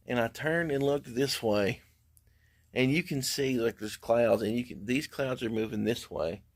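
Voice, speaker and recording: A man's voice: medium pitch, measured pace. A middle-aged man chatting casually on a livestream, telling easygoing, rambling stories from his porch. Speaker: live streamer. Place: outdoor porch.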